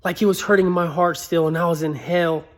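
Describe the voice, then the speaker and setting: A man speaks in an earnest, pleading monologue, telling his own story. His voice sits a bit on the high side and climbs well higher when he begs. The delivery is heartfelt and direct. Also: steady tone, brisk. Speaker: motivational speaker.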